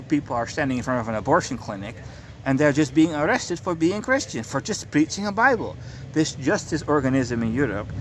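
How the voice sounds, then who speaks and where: A man's voice: a little high, a little hiss or hum. A man who calls himself a prophet, ranting in a monologue, swearing often and repeatedly insisting he is telling the truth. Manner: profane, emphatic, keeps insisting he is telling the truth. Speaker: self-described prophet and street preacher.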